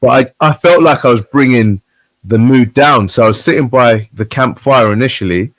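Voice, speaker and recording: Chatting casually as a chat show guest, a man with a medium-pitched voice recounts a story at normal speed, animatedly imitating the people in it. No echo is present.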